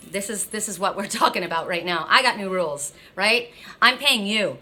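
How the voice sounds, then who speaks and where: A middle-aged woman rants bluntly in a casual vlog, her voice bright and forceful. She talks with a numb mouth after dental surgery and swears freely. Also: mid-range voice, animated, moderate pace. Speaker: oracle card reader.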